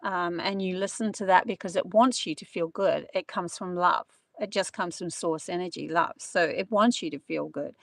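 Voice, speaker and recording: A woman's voice: fairly low pitch, normal speed, vocal fry, dry recording. A middle-aged woman, a spiritual channeler giving an earnest, rambling live-streamed talk full of fillers.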